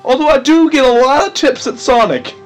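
A man's voice: very high voice, brisk, faint music behind, voice pushed up. A man voicing a clumsy roller-skating game trainer who rambles and mocks himself. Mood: goofy.

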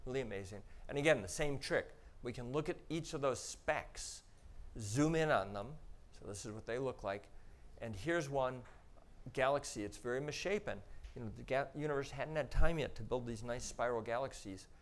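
A man giving a public talk about space images, walking the audience through slides in a relaxed, conversational way with frequent pauses and filler words. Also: mid-range voice. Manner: conversational, explaining step by step with frequent "um" and "you know".

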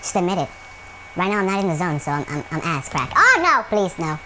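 A man's voice: a little high, fast, a bit bright, slight background noise, poor audio. A man giving gameplay commentary at home, rambling with many fillers and breaking into yelps and rants at the game. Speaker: gaming channel host.

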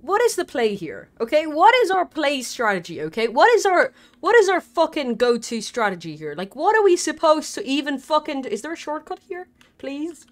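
A young woman streamer talks through a game live in a bright, high voice. Her pitch leaps wildly as she yelps at scares, then sinks into low, cursing mutters. The delivery is jumpy and loose. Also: very animated, moderate pace. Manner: jumpy and swearing, swings from shrieks to mumbles. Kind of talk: live gameplay commentary.

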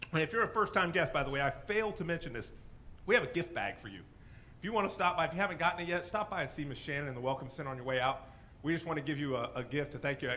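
Animated, bright-voiced pastor. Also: male voice, a little high. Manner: animated, emphatic storytelling. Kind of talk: sermon.

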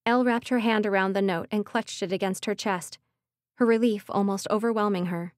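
Woman, audiobook narrator, measured reading, mid pitch, dry close recording. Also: fairly even intonation, dry recording. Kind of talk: scripted narration.

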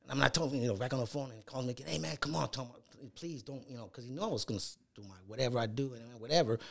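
A middle-aged man tells a long story about his early music days, swearing freely and acting out the voices on old phone calls. His voice sits at an ordinary pitch, neither high nor low. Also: very fast, fairly bright tone. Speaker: rapper guest. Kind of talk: casual storytelling chat.

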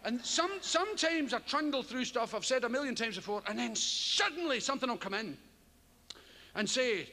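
An older Scottish man delivers a rambling, profane stand-up routine from a large theatre stage. His voice sits very high and swings wildly up and down as he jumps into mocking voices. The long reverb of the hall and steady room noise surround him. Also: moderate pace. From Scotland. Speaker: stand-up comedian. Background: audience laughter.

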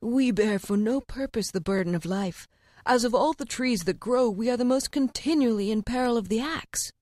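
A woman's voice: a little high, moderate pace, darkish tone, dry recording, clean studio sound, close to an everyday voice. Woman voicing plaintive, complaining oak trees.

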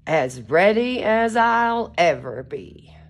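A woman's voice: on the low side, very animated, takes it slowly, exaggerated voice. A woman voicing a young boy chick in a storybook, whiny and put-upon about his baby brother. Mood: resigned.

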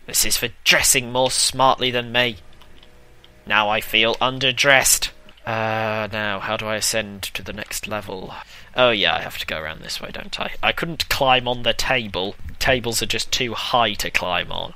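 A man's voice: fairly low pitch, a little slow, bright, forceful tone, clear, resonant tone. A young man commentating on a video game he plays, sarcastic and swearing, humming tunes along the way. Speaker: let's play commentator. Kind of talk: casual gameplay commentary.

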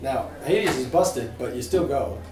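A man teaching a small group about scripture, informal and animated, asking his listeners questions. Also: medium pitch, unhurried, echoey room, distant mic, over music, poor audio. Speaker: priest teaching a catechism class.

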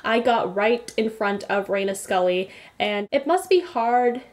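A young beauty vlogger gives a casual recap, retelling a rambling story in an animated way and giggling frequently. Her voice is medium-pitched and a little slow.

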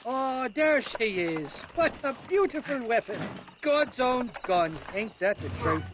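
A boozy, high-voiced Irish outlaw. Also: male voice, slow, background noise, exaggerated voice. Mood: boastful. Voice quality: boozy, wheedling, excitable. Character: drunken scheming Irish male outlaw. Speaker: game character. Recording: game audio with music behind.

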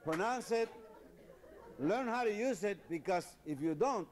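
A man doing stand-up as a mock language lesson, with deadpan teacherly drills and slow, exaggerated pronunciation. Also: high-pitched. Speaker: comedian. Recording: noisy live comedy recording.

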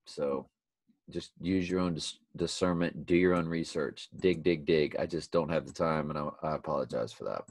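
Low gravelly guy reading bible passages, stops to chat with his folks, dry close sound. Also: expressive, normal speed, darkish tone, no room sound. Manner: reads aloud, then adds off-the-cuff remarks; earnest, addresses listeners as folks and y'all. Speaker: Bible study host. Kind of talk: scripture reading with commentary.

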